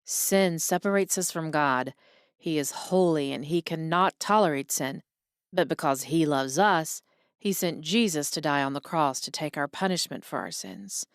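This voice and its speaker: A woman voicing a male pastor who speaks calmly and patiently, guiding a dying man. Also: low voice, normal speed, smooth, no echo, studio quality. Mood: gentle. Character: calm gentle male pastor.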